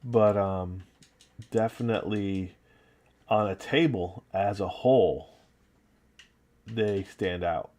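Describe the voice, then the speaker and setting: A man's voice: lowish voice, slow pace, pauses often. A man with an upstate New York accent, hosting a casual livestream and chatting loosely while he paints and reads the chat. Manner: relaxed, rambling, talking while working and reading chat. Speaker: livestream host painting miniatures.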